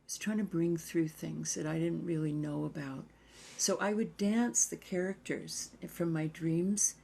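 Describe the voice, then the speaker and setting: An older woman dance therapist telling stories in an interview in a reflective, unhurried way, sometimes dropping to a near whisper. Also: on the low side, creaky, mellow, husky.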